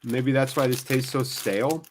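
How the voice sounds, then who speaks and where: A man's voice: mid-range voice, steady tone, normal speed, a little hiss or hum. A man hosting a live watchalong, giving casual, jokey play-by-play with rambling asides. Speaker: watchalong host. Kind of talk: casual live match commentary.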